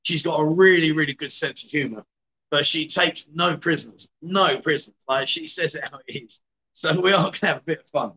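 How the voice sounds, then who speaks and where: A man's voice: on the high side, a little fast, pushed and bright, poor audio. A man hosting a casual livestream, hungover, greeting viewers by name in a chatty, self-mocking way. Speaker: livestream host.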